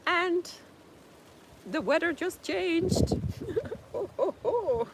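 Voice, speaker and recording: A woman's voice: very high voice, animated, drawn-out words, very noisy. A woman hosting a casual livestream, chatting with viewers, laughing often and slipping into French. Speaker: livestream host. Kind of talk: casual livestream chat reading viewer comments. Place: home in Jamaica.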